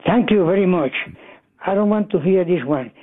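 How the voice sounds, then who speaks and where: A man calling in to a radio show, complaining gruffly about phrases he hates. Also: high-pitched, lively intonation, moderate pace. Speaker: caller. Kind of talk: call-in radio chat. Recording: tinny phone line.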